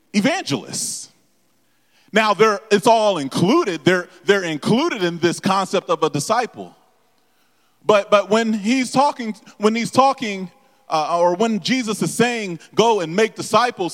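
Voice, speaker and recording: Male preacher, high voice, halting delivery, long hall echo. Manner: halting with many repeated words and fillers, addresses the congregation directly. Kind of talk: sermon.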